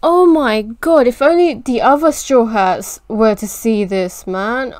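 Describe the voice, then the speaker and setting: Slow, heartbroken woman reacting to anime. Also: fairly high pitch, a little mellow, no room sound, studio quality. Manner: distraught, swearing, talking back at the screen. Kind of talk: emotional reaction commentary.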